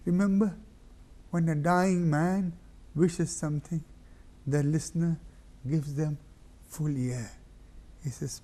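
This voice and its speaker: A man preaching a mourning sermon. He tells the story dramatically, dropping to hushed whispers and rising to loud cries. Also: medium pitch, slow pace, vocal fry, long pauses, husky.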